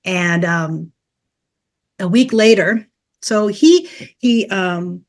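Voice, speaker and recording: An earnest middle-aged woman speaks as a podcast guest and tells a personal story at a mid-range pitch. She retells past conversations as lively dialogue. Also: very slow. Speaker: guest, Reiki teacher.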